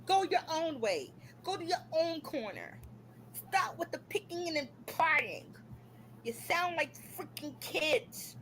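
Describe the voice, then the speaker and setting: A woman's voice: very high voice, expressive, slow, a bit bright, slight background noise, rough recording. A woman hosting a live stream from home, scolding and ranting in an exasperated, repetitive way. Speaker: livestream host. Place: home room.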